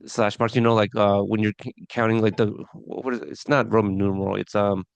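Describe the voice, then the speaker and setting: A man's voice: fairly low pitch, little pitch movement, fairly quick, creaky, smooth, dry recording. A man co-hosting a podcast review of a TV episode, talking casually with lots of fillers and restarts. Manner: chatty, many fillers and restarts.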